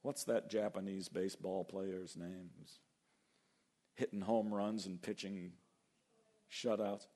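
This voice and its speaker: A man preaching a sermon, animated, acting out biblical voices and slowing down to stress key words. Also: sits low. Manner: animated, acts out biblical voices, slows for emphasis. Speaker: pastor.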